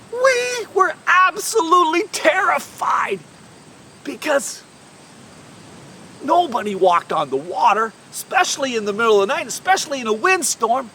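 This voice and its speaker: High-voiced woman telling a dramatic story. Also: recorded from a distance, a little hiss or hum. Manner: expressive, swings from hushed to shouting. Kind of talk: first-person dramatic Bible storytelling.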